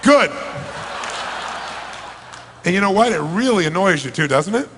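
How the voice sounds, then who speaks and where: A middle-aged man giving an emphatic motivational seminar talk to a large crowd, firing rhetorical questions at them and swinging between loud and soft. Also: high voice, expressive, fast, a little hiss or hum. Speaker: motivational speaker. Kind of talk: live seminar talk to a big audience. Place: large event hall. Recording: reverberant large hall.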